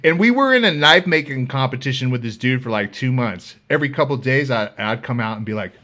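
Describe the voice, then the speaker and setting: A man hosting a podcast, telling comedic stories in a loud, profane, laughing way. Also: medium pitch, animated, fast. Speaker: podcast host. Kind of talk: comedic storytelling.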